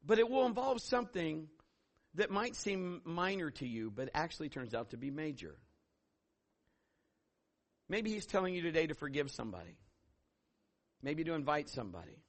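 A middle-aged man preaching a sermon as pastor, telling stories and acting out voices with sudden loud bursts. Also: fairly high pitch, sing-song, normal speed, pauses often.

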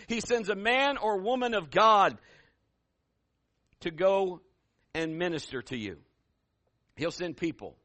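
A middle-aged man preaching a sermon as pastor, telling stories and acting out voices, building to loud emphatic peaks. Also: high voice, no room sound.

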